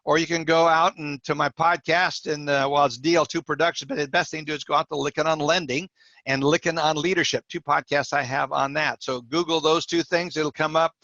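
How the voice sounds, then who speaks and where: Guesting on a podcast, a middle-aged man who coaches in the mortgage industry speaks fairly quickly in a slightly high voice. The recording has no room sound and clipped highs, and he animatedly performs the dialogue in his stories.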